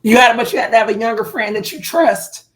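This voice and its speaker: A woman co-hosting a casual podcast chat, voice going hoarse, animated with playful exaggerated reactions. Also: on the high side, fast talker. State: losing her voice. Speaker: podcast co-host.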